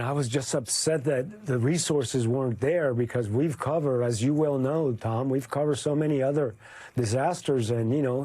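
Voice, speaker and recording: Man, photojournalist guest, halting emotional retelling, mellow voice, dry close sound. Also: medium pitch, husky, no echo. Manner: emotional, halting storytelling with fillers. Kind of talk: interview recollection.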